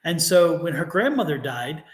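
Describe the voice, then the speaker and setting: High-voiced man, animated storyteller. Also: moderate pace, reverberant. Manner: animated storyteller, laughs often. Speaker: tarot reader co-host. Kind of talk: casual live-stream chat.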